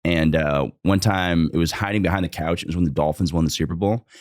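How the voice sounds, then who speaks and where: Deep-voiced young man telling stories. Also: fairly even intonation, fairly quick. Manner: loose and profane, lots of "like" fillers. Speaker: guest comedian. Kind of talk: casual storytelling in a podcast chat.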